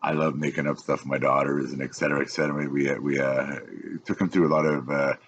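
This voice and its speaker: A man's voice: rumbling low, level tone, fast, slightly rough, muffled recording. A middle-aged man hosting a podcast, talking in a rambling, casual monologue that often repeats itself. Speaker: podcast host.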